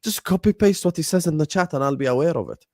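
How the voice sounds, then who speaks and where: A young man hosting a football fan live stream, talking casually, animated and repetitive as he rants at his chat. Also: a little high, fast talker, dry recording, clean studio sound. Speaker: football fan show host.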